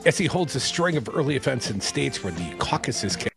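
A man's voice: mid-range voice, very animated, a little fast, gravelly, over music. A man hosting a radio show, reading news stories and cutting in with sarcastic asides. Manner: sarcastic, wisecracking. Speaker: radio host.

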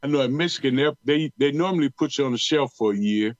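Speaking fast in a mid-range voice, this retired pro footballer from Detroit, now middle-aged, swaps tales during a laid-back interview. His talk is slangy and full of repeated words, delivered with a drawl and lively storytelling energy. The sound is dry and lo-fi.

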